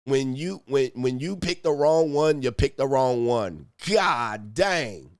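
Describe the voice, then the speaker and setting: A man hosting a casual reaction commentary, animated and profane, with laughing asides. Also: medium pitch, slow, no echo, studio quality. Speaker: commentary channel host.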